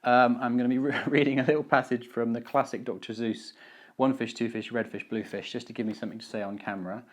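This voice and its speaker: Man, casual gear walkthrough, rambling, self-deprecating, mid-pitched voice, echoey room. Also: steady tone, quick pace. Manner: rambling, self-deprecating, many fillers and restarts. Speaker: video maker testing microphones. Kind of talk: casual, unscripted equipment walkthrough. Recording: roomy, echoey indoor recording.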